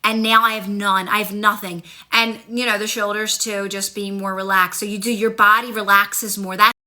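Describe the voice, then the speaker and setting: A woman's voice: medium pitch, flat delivery, moderate pace, bright, forceful tone. A woman coaching viewers on a phone livestream, upbeat and encouraging, talking back to their comments. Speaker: manifestation coach. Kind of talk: casual livestream chat with viewers.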